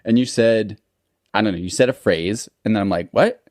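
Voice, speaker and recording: A man's voice: lowish voice, a little fast, darkish tone, no room sound, studio quality. A man co-hosting a casual podcast, telling stories and laughing easily. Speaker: podcast co-host.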